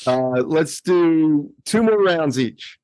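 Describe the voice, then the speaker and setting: A man's voice: fairly high pitch, animated, slow, a little mellow. A man hosting a casual podcast, running a quiz game in a laid-back, joking way.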